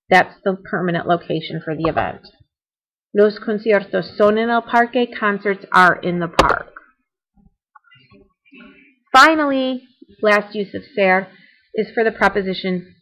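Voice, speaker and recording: Young woman teacher, mid-pitched, narrating a screencast lesson, chatty and repetitive explanations. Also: fairly bright tone, dull audio. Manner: explanatory, repeats points, conversational asides. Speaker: Spanish teacher. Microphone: computer mic for screencast.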